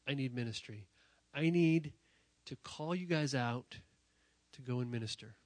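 A man preaching a sermon to young people in a church, talking while sick, emphatic and direct, often repeating phrases and swinging from loud to quiet. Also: mid-range voice, a little slow, no echo. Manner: emphatic, rising to near-shouting then dropping quiet; repetitive, direct address to the audience. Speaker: youth pastor.

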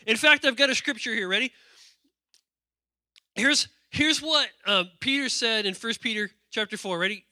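A man preaching a lively sermon, reading scripture aloud with playful asides and calling on the congregation to respond. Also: very high-pitched, normal speed, no room sound, clean studio sound. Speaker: pastor.

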